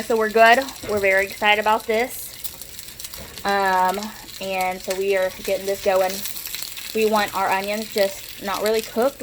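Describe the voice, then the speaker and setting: A woman's voice: medium pitch, noisy background. A woman with a Southern US accent, chatting and rambling through a homey cooking demo in her kitchen, recorded on a propped-up phone. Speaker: home cook. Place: home kitchen.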